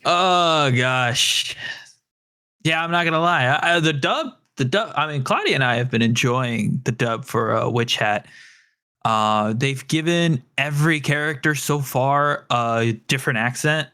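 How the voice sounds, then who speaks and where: Lively laughing male podcast co-host. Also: medium pitch, unhurried, clear, resonant tone. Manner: animated, laughs often, self-deprecating. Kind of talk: casual chat.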